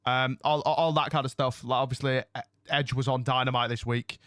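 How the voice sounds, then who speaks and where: Rambling male streamer, mid pitch, chatty and meandering, close dry sound. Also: steady tone, fairly quick, fairly bright tone, no room sound. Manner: rambling and chatty, loses his train of thought. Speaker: streamer hosting a wrestling watch-along. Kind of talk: casual live-stream chat. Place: home room.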